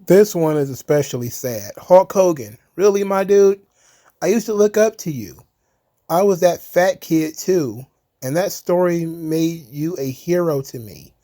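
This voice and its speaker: A man's voice: a little high, lively intonation, a little slow, dark tone. Man, commentary host; casual, sarcastic, profane monologue with a slightly raised voice. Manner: sarcastic, profane, laughs at own jokes.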